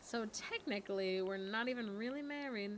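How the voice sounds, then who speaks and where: A woman's voice: a little high, moderate pace, background noise. A woman live streamer chatting casually and giggling while she plays a game, full of fillers. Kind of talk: casual chat while gaming. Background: game music.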